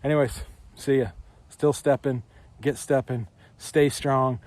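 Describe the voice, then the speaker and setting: This man from New Hampshire, USA, makes a casual outdoor vlog, holding his phone camera as he hikes rural hills and hilltops. He chats cheerfully, laughs a lot, repeats himself, and gets winded walking uphill. He talks at a measured pace in a darkish mid-range voice with fairly even intonation, and the recording is dry.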